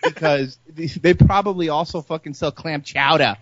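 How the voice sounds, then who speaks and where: A man's voice: fairly high pitch, moderate pace, fairly bright tone, no room sound, dull audio. A man hosting a radio show, teasing his co-hosts in casual banter. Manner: provocative teasing, laughing.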